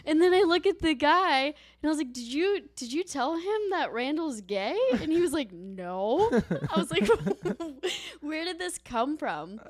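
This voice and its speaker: A young woman co-hosts a podcast in casual, giggly chat, her talk full of fillers. Her voice sits somewhat high, and the recording is dry and close. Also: very animated, no echo. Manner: chatty, quick to laugh, many "like" fillers. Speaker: podcast co-host.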